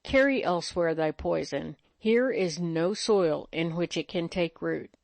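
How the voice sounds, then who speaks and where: A man's voice: on the high side, unhurried, creaky, dry recording. A woman voicing a noble knight who speaks firmly and protectively in archaic speech. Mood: commanding. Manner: firm, commanding archaic speech.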